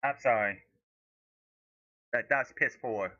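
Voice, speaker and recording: A man calling a live match as a fan in a watch-along, his voice sharply bright and cutting. He swears freely and his pitch leaps up whenever play goes against his side. The audio is dull and lo-fi. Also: slow pace, no echo. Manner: heated, profane ranting with sudden high-pitched outbursts.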